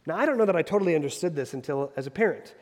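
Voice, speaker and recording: A pastor in his thirties preaches in a church, his slightly raised voice carried by a long reverb. He talks earnestly, dropping to hushed tones and then pressing points home with emphatic force. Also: a little high, expressive, rapid-fire. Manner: earnest, swinging from soft to emphatic. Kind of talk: sermon. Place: church sanctuary.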